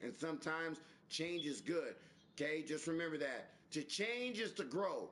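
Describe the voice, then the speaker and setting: A man hosting a live stream, talking in a preachy, repetitive, animated way with some swearing. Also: a little high, a little slow. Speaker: stream host. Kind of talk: casual live-stream chat.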